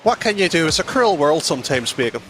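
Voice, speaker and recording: A man's voice: fairly high pitch, sing-song, quick pace, a bit bright, faint music behind. A man giving colour commentary on a live esports match, teasing his partner and laughing often, on a headset mic.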